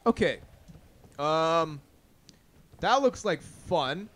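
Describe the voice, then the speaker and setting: Man swearing and shouting through a game. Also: animated, extremely slow. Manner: swearing, yelling at enemies, sudden pitch jumps. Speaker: gaming channel host. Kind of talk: blind let's play commentary.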